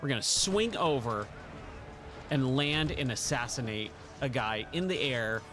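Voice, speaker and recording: An enthusiastic man streaming a game late at night, rambling casually between the action. His voice sits at an average pitch, and his commentary is peppered with laughs and excited praise. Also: unhurried, over music. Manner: enthusiastic, chatty, laughs often.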